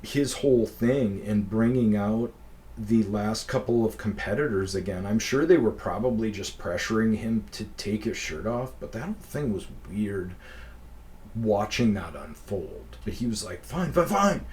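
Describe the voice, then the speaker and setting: A man's voice: lowish voice, normal speed, darkish tone. A middle-aged man from Wisconsin, telling a story casually, rambling and swearing freely. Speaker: podcast host.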